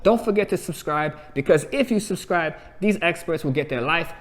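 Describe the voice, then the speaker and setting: A man with a fairly high voice co-hosts a casual review chat, ribbing the cast and the experts one by one. His voice rings out with a long reverb, as if he were sitting in a bare, echoing room. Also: lively intonation, normal speed. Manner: mock-scolding, addresses people on the show directly. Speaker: co-host of a reality TV review channel.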